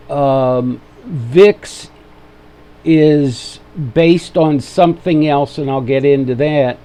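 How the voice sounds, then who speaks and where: Warm in tone and on the high side, this man's voice has an Ohio accent. He's running a casual live trading webinar, relaxed and joking with those watching, adjusting his desk mic and fiddling with its levels as he sets it up.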